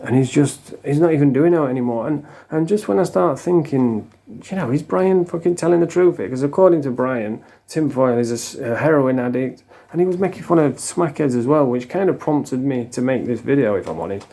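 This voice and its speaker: A man's voice: medium pitch, lively intonation, a little fast, mellow. A middle-aged man ranting casually to camera as the host of a commentary channel, blunt and scornful, swearing freely and restarting his sentences.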